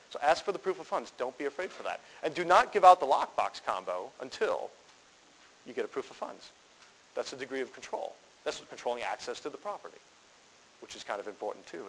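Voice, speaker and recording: A man's voice: medium pitch, poor audio. A man teaching real estate wholesaling at a live seminar, emphatic, firing rhetorical questions at the room and answering them himself.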